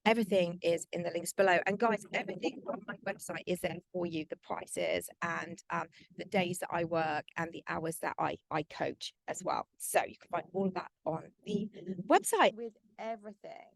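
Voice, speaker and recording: A woman's voice: on the low side, normal speed, gravelly, no room sound. A woman manifestation coach speaking insistent, repetitive affirmations and then chatting loosely to her viewers. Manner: emphatic, repetitive self-affirming declarations; loose chatty delivery with many fillers. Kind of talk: spoken affirmations and vlog talk.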